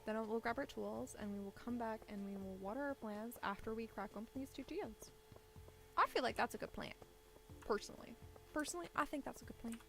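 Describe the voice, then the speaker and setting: Female game streamer, chatty and rambling, slight gravel in the voice. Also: a little high, a little fast. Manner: chatty, rambling, thinks out loud with little laughs. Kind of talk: casual gameplay commentary. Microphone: desk microphone set low.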